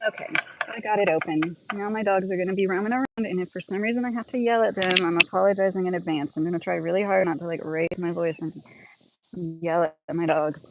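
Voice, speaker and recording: A woman's voice: lowish voice, brisk, rough recording. Chatty woman livestreaming from her garden. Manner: chatty and rambling, lots of "like" and laughs. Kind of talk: casual livestream chat. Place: home and outdoor garden.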